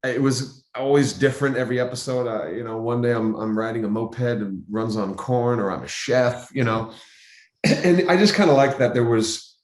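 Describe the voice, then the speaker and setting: Guest actor, male, animated storyteller who plays out the voices he quotes, roomy echo. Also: medium pitch, moderate pace. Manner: animated, acts out quoted voices, frequent restarts. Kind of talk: interview storytelling. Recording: roomy, echoey sound.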